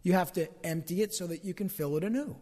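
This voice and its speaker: A male pastor with a very high voice preaches in a lively, animated way, acting out quoted arguments and dropping to hushed asides. His sermon rings with the long reverb of a large hall. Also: fast. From Northeast US, Italian-American home.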